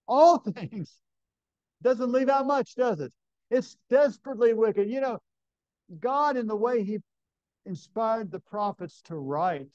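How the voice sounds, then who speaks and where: A man's voice: very high voice, darkish tone, no echo. A man preaching a sermon at a camp meeting, emphatic, reading scripture aloud and asking the congregation questions. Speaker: pastor. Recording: dull, lo-fi sound.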